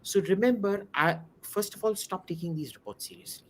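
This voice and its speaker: A man's voice: high voice, lively intonation, a little fast, slight background noise. A man appearing as a podcast guest, giving blunt, opinionated commentary and repeating words for emphasis.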